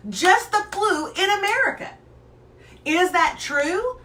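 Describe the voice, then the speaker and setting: A woman's voice: extremely high pitch, lively intonation, takes it slowly, sharp tone, roomy sound, recorded from a distance, slight background noise. A woman co-hosting a casual live morning show, chatting animatedly and reading out viewer comments. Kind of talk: casual live-stream chat.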